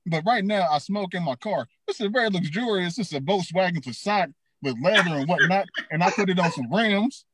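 High-voiced man doing stand-up. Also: expressive, brisk, few pauses, background noise. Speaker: stand-up comedian. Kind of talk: stand-up set. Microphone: live stream.

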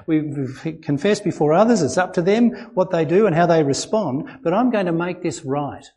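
A man's voice: high-pitched, a little mellow. A male pastor preaching a sermon in a church, earnest and conversational, often repeating phrases and chuckling between points. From Australia.

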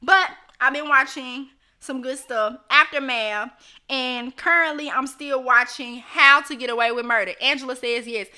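Chatty woman stream host, high and very bright voice, talks right to the viewers. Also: moderate pace. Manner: chatty, laughs often, talks straight to viewers. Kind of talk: casual live chat reading comments.

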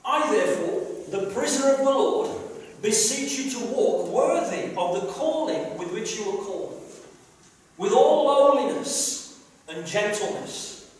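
A man's voice: very high voice, lively intonation, measured pace. A man pastor preaching a sermon, emphatic, repeating phrases and asking rhetorical questions. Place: church hall, live service. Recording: echoey live church hall recording from far off.

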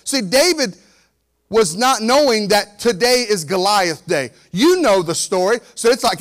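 A man in his forties, a pastor, preaching a lively sermon and acting out the story's characters, moving from loud to quiet. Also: very high-pitched, unhurried. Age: 40s.

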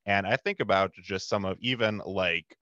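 A man's voice: deep voice, moderate pace, sharp tone, dry recording, dull audio. A man hosting a podcast, talking in a laid-back, rambling way and dropping in mm-hmms. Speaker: podcast host. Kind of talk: casual podcast chat.

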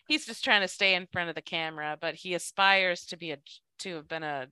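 A woman co-hosting a podcast, recapping a movie in casual chat at an unhurried pace. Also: lowish voice, lively intonation, sharp tone, clear, resonant tone, no echo. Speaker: podcast co-host.

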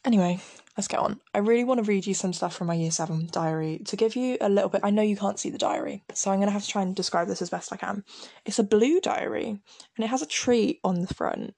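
A woman's voice: mid-range voice, fast talker, creaky, a little mellow, husky, no echo. A young woman in casual chat, reading out old diary entries with giggly, self-mocking remarks.

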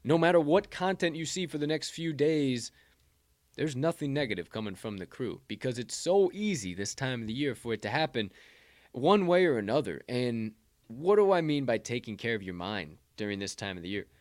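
A man's voice: normal speed, no room sound. Male podcast host, profane motivational rant, dry close sound. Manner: loud, swearing, animated, drops to low intense tones.

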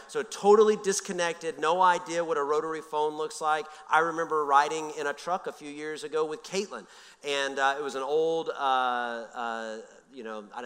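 Animated pastor preaching in a reverberant hall. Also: male voice, medium pitch. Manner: conversational, self-interrupting, animated storytelling. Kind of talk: sermon.

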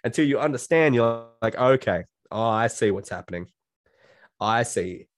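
A man's voice: medium pitch, lively intonation, normal speed, dry recording, studio quality. A man speaking as a guest life coach in a casual podcast conversation, blunt and swearing freely, acting out his own self-talk in quotes.

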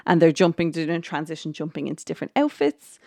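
A woman's voice: low voice, very animated, fast talker, dark tone, no echo, studio quality. A woman hosting a podcast, chatting casually through an episode recap with plenty of ums, restarts and quoted lines. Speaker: podcast host.

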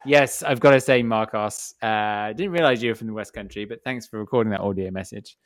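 A man's voice: lowish voice, a little fast, hardly any pauses, no echo, studio quality. A man hosting a podcast in casual chat, amused while reading listener stories aloud. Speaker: podcast host.

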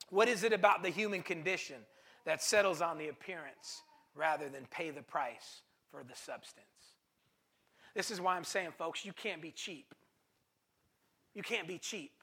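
A man's voice: fairly high pitch, normal speed, pushed and bright, husky. A man preaching a sermon as pastor, emphatic, repeating phrases for stress and calling out to the congregation. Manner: calls to the congregation.

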